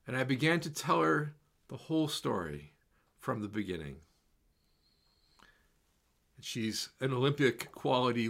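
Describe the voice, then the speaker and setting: A man with a medium-pitched voice preaches a sermon slowly and reflectively, at a measured pace. He lets repeated words fall soft and quiet.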